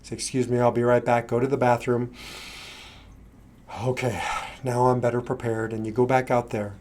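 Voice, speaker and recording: A middle-aged man speaks as a coach in an earnest, conversational way. His voice sits at an ordinary pitch. He talks straight to his listeners in a motivational talk. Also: a little mellow. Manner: earnest, conversational, acts out his own side of an argument.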